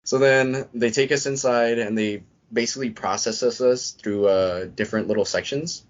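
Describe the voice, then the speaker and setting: A man at medium pitch and normal speed recounts his experiences as a guest on a podcast. He is a Marine veteran who rambles casually and sprinkles in lots of "I'm like" asides. The audio is dull and lo-fi.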